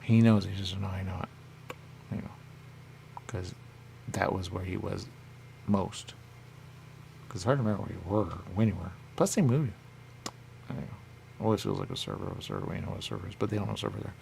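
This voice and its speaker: A man talks on his own as a radio host, his voice very deep with a gravelly fry. He rambles in loose circles and keeps coming back to the same catchphrase. A faint noise sits under the recording. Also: very animated, fast talker, pauses often, a little mellow. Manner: rambling, repeats "there you go" constantly; acts out others in a high voice. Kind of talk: rambling solo talk.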